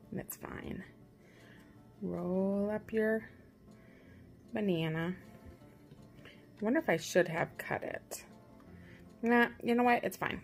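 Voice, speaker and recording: A woman at mid pitch talks brightly and casually, teasing herself as she walks viewers through a how-to. She is recorded in a home kitchen with faint music underneath. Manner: chatty, upbeat, self-teasing. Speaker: parent and vlog host.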